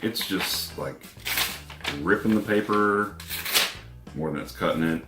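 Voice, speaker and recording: A man with a low-pitched voice reviews a pocket knife in a casual vlog, unhurried and laid-back. He has a runny nose, keeps clearing his throat, and chuckles wryly at himself, in an echoey room with background music.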